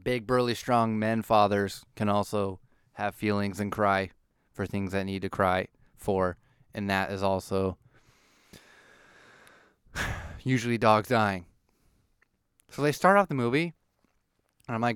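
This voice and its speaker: Ranting man with a crisp, dry voice. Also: mid-range voice, a little slow, pauses often, dry recording. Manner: animated ranting, swearing, mock-outraged. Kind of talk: ranting monologue.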